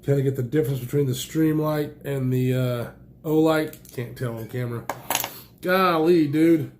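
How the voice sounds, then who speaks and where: A man's voice: medium pitch, moderate pace, a little mellow, a little hiss or hum. A man chatting casually while unboxing knives and flashlights, enthusiastic and rambling, a bit stuffy from allergies. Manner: enthusiastic, rambling, exclaims often. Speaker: knife and gear reviewer.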